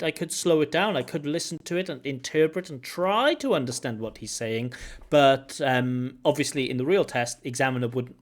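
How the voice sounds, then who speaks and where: A man working as a language examiner, commenting frankly on a recorded speaking test and correcting grammar and stress. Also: mid-range voice. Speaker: IELTS examiner giving feedback. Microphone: video call.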